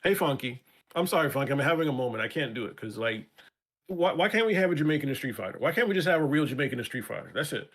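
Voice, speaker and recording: A man's voice: on the high side, very animated, fast talker, a bit bright, breathy edge. A man as a guest on a casual live-stream chat show, ranting passionately with many repeats and profanity.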